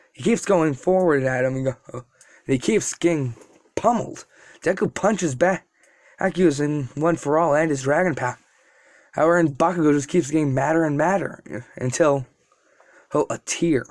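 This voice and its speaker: A young man tells a fan story off the cuff, stumbling, restarting and tossing in asides. His voice sits a little high for a man, and the recording is dry and close with no room sound. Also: a little slow, no room sound. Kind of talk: casual fan story narration.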